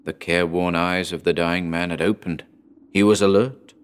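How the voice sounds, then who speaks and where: A man hosting a horror podcast, narrating a story in a measured, deliberate reading. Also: deep voice, fairly even intonation, smooth.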